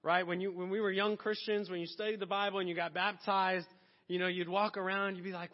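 High-voiced man preaching in a reverberant hall. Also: a little fast. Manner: animated, conversational preaching with acted-out asides. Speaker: pastor. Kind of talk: sermon. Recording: dull long-reverb hall sound.

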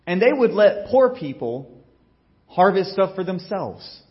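A man preaching a sermon as pastor, telling a story in a casual, joking way and acting out what people say, getting loud and then dropping low. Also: a little slow, lo-fi sound. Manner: animated storytelling, acts out quotes with big swings in loudness.

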